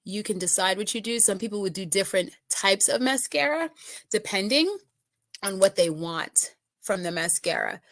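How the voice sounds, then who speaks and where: A woman's voice: mid-range voice, animated, normal speed, dry recording. A middle-aged woman giving a casual makeup tutorial, chatting with viewers and often checking in with them. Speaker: makeup consultant.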